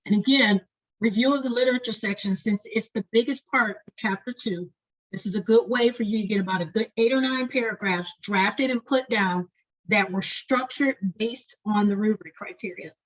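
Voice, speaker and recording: A woman leading an online lecture on doctoral writing, talking fast and often checking in with "right?". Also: medium pitch, poor audio. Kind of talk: webinar lecture.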